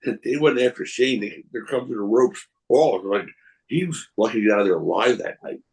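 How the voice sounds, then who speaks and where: A man's voice: medium pitch, a little fast, low-quality recording. A man guesting on a podcast, telling casual stories in a rambling way, with frequent restarts, acting out the voices of people in them. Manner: animated, acts out voices in his anecdotes. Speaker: wrestling promoter guest. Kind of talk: casual storytelling.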